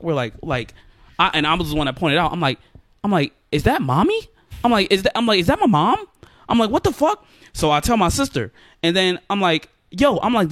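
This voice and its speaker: A young man chatting on a podcast with friends, rattling off a story at a quick clip with a lively voice that leaps up and down. His voice sits a little high, and the dry close mic adds no room sound. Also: no room sound. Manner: animated storyteller, acts out quotes in a higher voice. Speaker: podcast co-host. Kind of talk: casual chat among friends.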